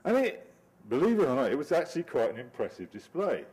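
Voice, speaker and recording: A man's voice: mid-range voice, very animated, fast, a little mellow, breathy edge. A middle-aged man, a cartoonist giving a wry, digressive talk over his slides and laughing often. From Britain.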